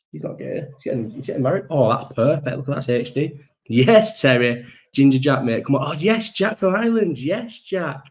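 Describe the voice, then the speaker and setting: A man's voice: medium pitch, darkish tone. Lad hosting a loose live chat, sweary and jokey, talking into his laptop mic. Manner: rambling, sweary, jokey banter. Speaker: livestream host. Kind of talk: casual live chat reading viewer comments. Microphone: laptop built-in microphone.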